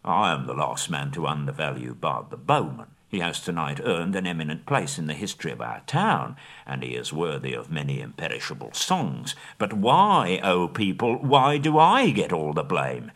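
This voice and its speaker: A man voicing a pompous, self-serving old town master in a storybook reading, speaking in a low, oratorical, defensive way. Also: sing-song, moderate pace, a bit bright, heavily acted. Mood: indignant.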